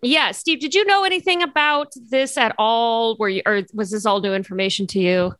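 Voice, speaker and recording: A woman's voice: fairly high pitch, fairly quick, a bit bright, no room sound. Casual joking woman co-host. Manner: casual and joking, filler-heavy. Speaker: podcast co-host. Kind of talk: casual chat.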